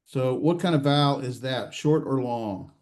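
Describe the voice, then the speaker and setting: A man lectures a grammar class in a warm, mellow voice. He stops often with "uh" and restarts his phrases. He keeps throwing questions at his students. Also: mid-range voice. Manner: halting, many fillers and restarts, quizzing students. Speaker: Hebrew grammar instructor. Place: classroom or online class session.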